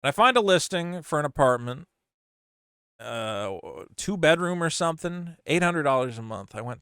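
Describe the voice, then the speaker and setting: A middle-aged man hosting a channel, frankly telling a story against himself in an animated way, often restarting his sentences. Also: a little high, moderate pace, clean tone, no room sound, studio quality. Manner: animated, frank, self-mocking, with frequent restarts. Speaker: channel host. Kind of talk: casual storytelling monologue.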